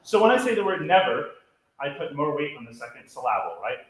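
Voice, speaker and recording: Brief: energetic male choir director coaching a rehearsal, slightly high voice, booming echoey hall, faint music behind. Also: quick pace. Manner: energetic, coaching, sings example phrases.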